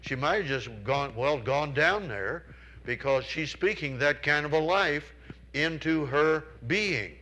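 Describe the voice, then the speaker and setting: Male preacher, bright clear tone, folksy storyteller who quizzes the congregation and acts out his characters. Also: a little high, expressive, slow pace, low-quality recording. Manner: acts out characters in raised voices. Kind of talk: sermon.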